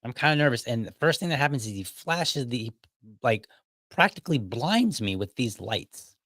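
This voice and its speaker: A man's voice: mid-range voice, big pitch swings, moderate pace, a bit bright, no echo. Dry-voiced man telling a story wryly. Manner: storytelling, argumentative and wry. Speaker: podcast host. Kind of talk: casual podcast monologue.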